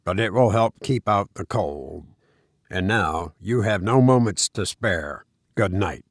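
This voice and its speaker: A bitter old recluse of science speaks low and slow, as a man reads him aloud from a storybook. The voice stays subdued and heavy. It sounds dry and close. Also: animated, no echo, exaggerated voice. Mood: calm.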